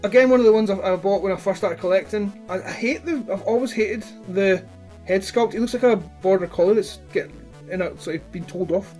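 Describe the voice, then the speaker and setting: Guy rambling on about his toys, fairly high voice, swears a lot, faint music behind. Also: a little fast, a little mellow. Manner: rambling, blunt, swears freely. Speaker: toy collector reviewing his figures. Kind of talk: casual chat.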